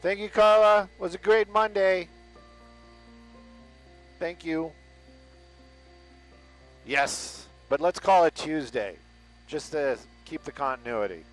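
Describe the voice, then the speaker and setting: A man with a slightly high-pitched voice calls traffic from a helicopter over a headset mic. He sounds upbeat on air and relaxed and joking between reports. Faint music plays underneath. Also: slow, long pauses, poor audio. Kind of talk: live chopper traffic report and off-air chatter. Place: in a news helicopter.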